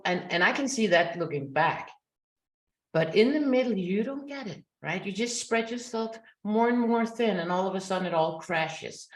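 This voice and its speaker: A woman in her forties, a coach giving a motivational talk, telling her story earnestly and acting out what people said. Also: medium pitch. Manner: earnest, storytelling, animated quotes. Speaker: coach and speaker. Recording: roomy echo.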